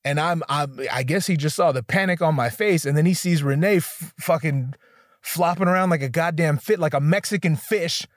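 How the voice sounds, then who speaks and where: A young man doing stand-up storytelling, animated and profane, jumping into voices for the people he quotes. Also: a little high, normal speed, no room sound, studio quality. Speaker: stand-up comedian.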